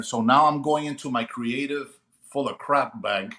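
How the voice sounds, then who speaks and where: Retired police sergeant telling a story. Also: male voice, medium pitch, moderate pace. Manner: animated, acts out dialogue. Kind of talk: casual storytelling. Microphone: remote call.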